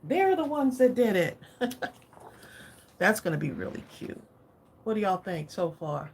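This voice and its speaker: A woman's voice: medium pitch, very animated, takes it slowly, creaky, a little mellow, a little hiss or hum. A woman hosting a craft livestream, chatting casually and often asking viewers what they think. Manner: chatty, keeps asking viewers their opinion.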